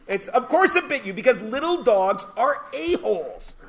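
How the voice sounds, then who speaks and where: A man teaching a math class, lecturing with loud jokes and rants that break into shouts. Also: very high-pitched, sing-song, moderate pace.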